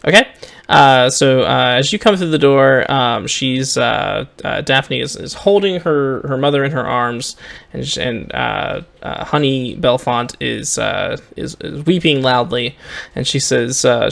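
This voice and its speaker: A man narrating as game master for a tabletop role-playing game, describing scenes in a halting way. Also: mid-range voice, lively intonation, gravelly, a bit bright.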